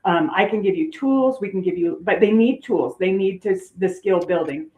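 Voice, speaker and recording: A woman's voice: medium pitch, expressive, normal speed, a little mellow, echoey room, low-quality recording. An older woman, a grandmother, giving earnest advice as a podcast guest. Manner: earnest, advising. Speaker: guest author and performance coach. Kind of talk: casual podcast conversation.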